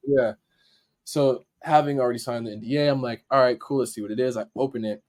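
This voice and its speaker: This young man speaks fast in a medium, darkish voice with fairly even intonation. He's a podcast guest who works as a dancer and editor, telling a story in a relaxed way, voicing other people's lines and cursing occasionally.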